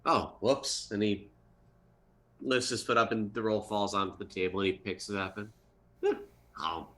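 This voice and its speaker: A man playing a tabletop role-playing game, describing his character in a hesitant, halting way. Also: lowish voice, steady tone, fairly bright tone. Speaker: player.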